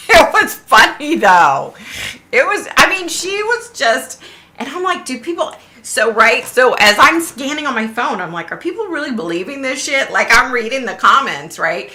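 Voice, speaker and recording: With a fairly high voice and measured pace, a middle-aged psychic livestream host tells an animated story in casual chat. She laughs a lot and plays out other people's lines.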